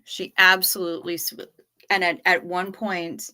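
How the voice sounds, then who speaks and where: A woman hosting a livestream from home, her talk loose, candid and full of swearing. She speaks in an unhurried drawl with a bright, forceful edge to her voice. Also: lowish voice, flat delivery. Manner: profane, candid and rambling. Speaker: livestream host. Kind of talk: casual livestream chat.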